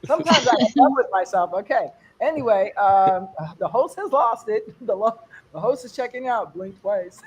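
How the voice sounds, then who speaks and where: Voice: mid-range voice, animated, normal speed, husky. A host emceeing an online comedy fundraiser, playful, teasing and upbeat. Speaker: show host. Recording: faint background noise.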